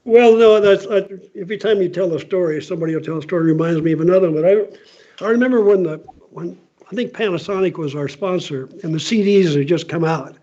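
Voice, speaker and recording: Older guy telling an old race story, keeps chuckling, high but mellow voice, muffled audio. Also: fast. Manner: chuckling, reminiscing. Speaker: honored guest. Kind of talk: casual storytelling. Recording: dull lo-fi audio.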